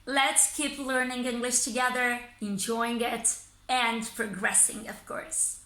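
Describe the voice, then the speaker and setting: A woman teaching English in a scripted lesson, speaking slowly and deliberately and pausing between phrases. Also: fairly high pitch, level tone, sharp tone, echoey room, rough recording. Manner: slow, deliberate, pausing by thought groups.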